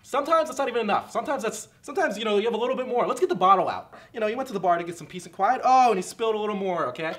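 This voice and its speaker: A man playing a fast-talking infomercial pitchman whose rambling salesman patter, full of "okay?", keeps sliding into bitter rants about his marriage. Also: expressive, a bit bright. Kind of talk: comedic infomercial parody.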